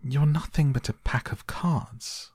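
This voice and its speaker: A man's voice: medium pitch, slow pace, darkish tone, breathy edge, no echo, studio quality, voice pushed up. A man raising his voice to read the lines of a bold, indignant young girl. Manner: indignant, outspoken.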